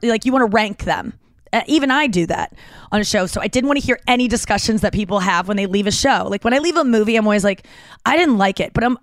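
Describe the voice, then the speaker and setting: A woman's voice: medium pitch, no echo. A woman in her thirties, a comedian hosting a podcast, telling a long rambling story, swearing freely and acting out quotes.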